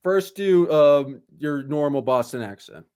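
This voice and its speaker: Animated man ranting on a podcast. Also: a little high, a little slow, clear, resonant tone. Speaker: podcast co-host. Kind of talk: casual podcast chat.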